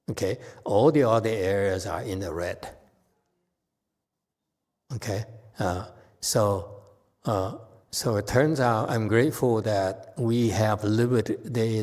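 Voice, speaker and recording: Slow-speaking man giving a dharma talk. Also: fairly low pitch, a little mellow, in a large hall. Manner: unhurried, with frequent "okay?" checks. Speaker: meditation teacher. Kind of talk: dharma talk answering questions.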